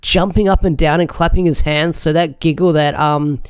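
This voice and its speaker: Young male reviewer, slightly high voice, clean close sound; chatty, excitable, loose and rambling. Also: normal speed, clear, resonant tone, no echo. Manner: chatty, enthusiastic, rambling with restarts. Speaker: show reviewer. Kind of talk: casual video review.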